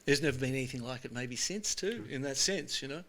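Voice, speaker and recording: Lively Australian man in his sixties, bright voice. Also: mid-range voice, quick pace. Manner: animated storyteller, says "mate" often. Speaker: show host being interviewed. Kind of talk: casual chat.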